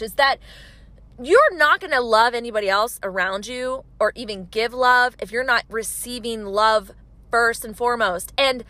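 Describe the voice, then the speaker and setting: A woman's voice: fairly high pitch, sharp tone, no echo. A woman in her thirties hosting a motivational monologue, passionate and emphatic, repeating her key points. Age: 30s. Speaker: podcast host.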